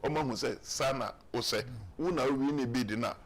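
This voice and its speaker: A man's voice: mid-range voice, moderate pace, slight background noise. A man with a Ghanaian accent, talking emphatically in a political talk show discussion. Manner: emphatic, mixing Twi and English, acts out quotes.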